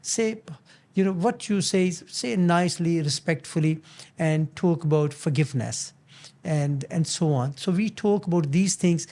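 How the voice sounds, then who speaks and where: An older man hosting his own show, giving earnest, motivational business advice in a halting way, often restarting and repeating words. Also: fairly high pitch, dark tone. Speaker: business founder and show host.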